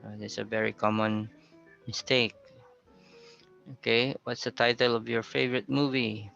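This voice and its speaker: Male teacher, patient classroom lecturer, bright voice with a gravelly edge, quizzes his class. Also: medium pitch, little pitch movement, normal speed. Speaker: pronunciation teacher. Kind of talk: classroom lecture on word stress. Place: classroom with a blackboard. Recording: dull lo-fi sound with faint music.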